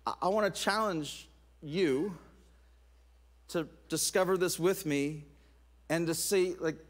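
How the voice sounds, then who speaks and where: A middle-aged man preaching a sermon, telling stories in an animated way, with laughs and restarts. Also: fairly high pitch, slow. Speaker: pastor.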